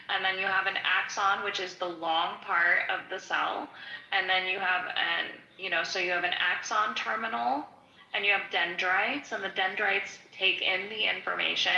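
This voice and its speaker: Middle-aged woman rambling thru a study lesson, lots of like and um, raspy low voice, echoey room. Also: pushed and bright, muffled recording, slight background noise. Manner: chatty, digressive, lots of "like" and "um". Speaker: study-along teacher. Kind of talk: casual textbook walkthrough.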